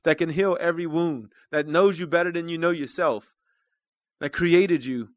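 A man preaching a sermon to his congregation. His delivery is earnest and conversational, and it swells into loud calls to the room. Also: a little high, moderate pace, no echo, studio quality. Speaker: church minister.

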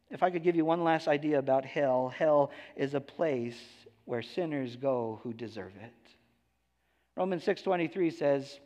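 Emphatic high-voiced male preacher. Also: a little slow, long reverb tail. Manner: emphatic, swinging from hushed to raised. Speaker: pastor. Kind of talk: sermon.

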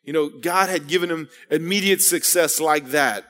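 A fairly high-voiced male pastor preaches an earnest sermon, mixing stories with calls to the congregation. His voice rings through a church hall with a long reverb tail. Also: moderate pace, bright, forceful tone. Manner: earnest preaching with storytelling and call-outs. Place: church sanctuary.

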